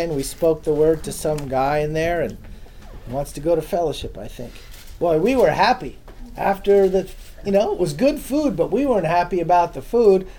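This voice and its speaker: A man's voice: sits high, warm tone. A man giving an informal Bible teaching to a small live audience, chatty and casual, often asking the listeners questions. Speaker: preacher.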